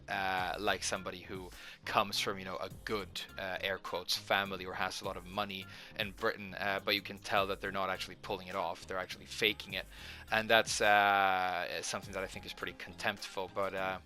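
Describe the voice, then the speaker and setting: A man with a hoarse voice, rambling casually as a gaming video host and hesitating often. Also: sits low, bright, forceful tone. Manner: hesitant, lots of filler words.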